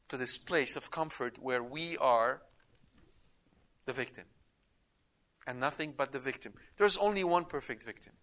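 A man's voice: a little high, pushed and bright. A man giving an emphatic Bible study lecture, reading scripture aloud with rising intensity. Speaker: Bible teacher.

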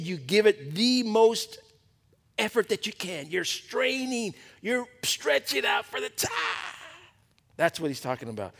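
Lively preaching man in a reverberant hall. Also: sits high. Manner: animated, calls out questions to the group. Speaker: pastor. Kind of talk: sermon at a men's Bible study.

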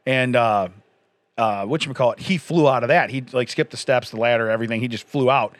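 A man's voice: medium pitch, a little fast, no echo. A man in his forties co-hosting a casual chat, telling a rambling story and laughing often.

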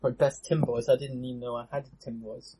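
A man's voice: medium pitch, little pitch movement, fairly quick, dark tone, slight background noise. A man in a casual film commentary chat over a video call, self-deprecating and laughing.

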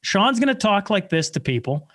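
A man in his thirties from Canada, a podcast guest telling stories in a blunt, energetic, self-deprecating way. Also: high voice, normal speed. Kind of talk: casual conversation.

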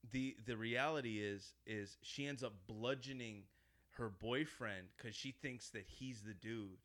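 A man in relaxed conversation walks through a horror film he has seen. His voice sits at an ordinary middle pitch. He tells it with lively animation, swears freely, and drops into little acted-out lines along the way. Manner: animated storyteller, acts out quotes, swears often. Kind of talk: casual chat, retelling a horror film.

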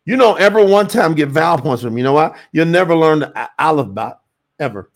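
Slightly high-voiced male livestream host, animated and emphatic, talks to chat as y'all. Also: brisk, creaky. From USA. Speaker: livestream host teaching Hebrew scripture. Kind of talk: casual livestream teaching with chat.

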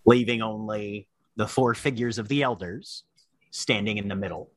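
A man running a tabletop game as storyteller, narrating scenes in a measured, descriptive way. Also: fairly low pitch.

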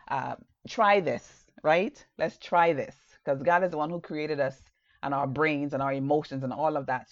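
A woman with a low, dark-toned voice preaches an earnest, encouraging sermon, speaking conversationally and loosely with lots of "um" and "you know." The recording has no echo but sounds somewhat dull and lo-fi.

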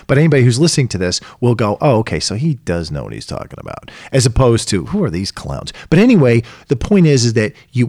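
A middle-aged man co-hosting a casual podcast, telling lively stories and acting out exasperated voices. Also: medium pitch, no echo, clean studio sound. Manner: animated storyteller, acts out exasperated voices. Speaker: podcast co-host.

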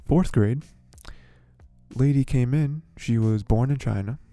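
A man's voice: mid-range voice, unhurried, mellow, no echo, soft background music. A young man hosting a podcast, talking in a rambling, filler-heavy, exasperated way. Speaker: podcast host. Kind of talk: casual commentary.

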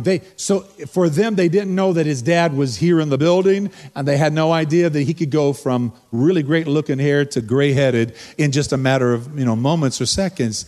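An older man delivers a sermon in a fairly high, easygoing voice. He preaches like he is talking with friends, turning to people in the pews and telling family stories. The sound has a long reverb from a church sanctuary. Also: moderate pace, hardly any pauses, a little mellow. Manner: conversational, storytelling preacher who addresses the congregation directly. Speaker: pastor. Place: church sanctuary before a congregation.

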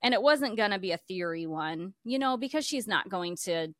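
Female co-host, bright and lively, laughs a lot, dry studio sound. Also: mid-range voice, brisk, no echo. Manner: animated storytelling, laughs often. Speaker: podcast co-host. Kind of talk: casual chat.

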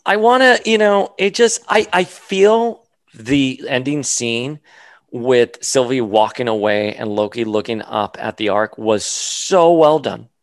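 A man's voice: medium pitch, a little slow, no echo. A man co-hosting a casual podcast, talking animatedly with lots of fillers and restarts. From Miami area. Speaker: podcast co-host. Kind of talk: casual chat.

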